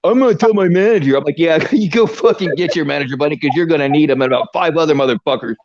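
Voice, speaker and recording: A man's voice: on the high side, quick pace, no room sound. A man rants through a crude story, swearing constantly and rambling in his everyday tone. The sound is dull and lo-fi, a dry stream recording. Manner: profane, rambling rant.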